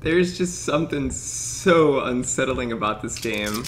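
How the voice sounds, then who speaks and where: A man's voice: mid-range voice, expressive, slight background noise. A young man giving frightened, swearing commentary as he plays a horror game, laughing nervously. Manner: frightened, swearing, exclaiming often; slow drawn-out speech, nervous laughter. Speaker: gaming streamer.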